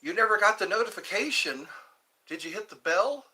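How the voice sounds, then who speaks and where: A middle-aged man from Georgia in the US Deep South hosts a casual livestream, reminiscing in a rambling way and answering viewers in the chat. His voice is high-pitched and animated with a sharp tone, and he talks a little fast.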